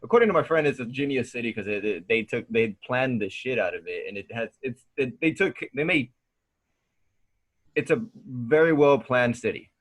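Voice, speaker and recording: Husky, laid-back Southern Californian man. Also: medium pitch, animated, moderate pace. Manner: laid-back, slangy, swears casually. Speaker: podcast guest. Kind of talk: casual conversation.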